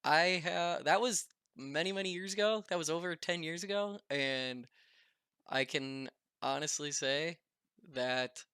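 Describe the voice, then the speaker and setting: Man, casual storytime vlog, animated chatty telling, smooth crisp voice, dry close sound. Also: a little high, a little slow, no echo. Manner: animated, chatty, laughing often. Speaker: vlogger.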